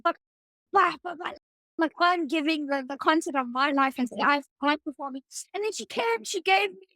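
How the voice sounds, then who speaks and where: High-voiced South African woman telling a story. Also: no room sound. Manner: animated, rising voice when telling a story. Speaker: podcast co-host. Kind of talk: casual chat, storytelling.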